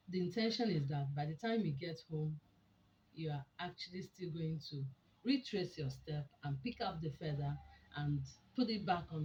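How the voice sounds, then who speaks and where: A woman giving a teaching talk to an audience, deliberate and emphatic, often asking rhetorical questions. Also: sits low, a little mellow, lo-fi sound, slight background noise. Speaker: speaker on a women's program.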